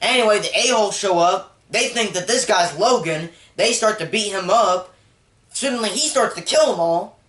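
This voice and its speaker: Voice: mid-range voice, expressive, normal speed, fairly bright tone, roomy sound. A movie reviewer recapping a film in a rambling, casual way, full of "like" and openly emotional about the story.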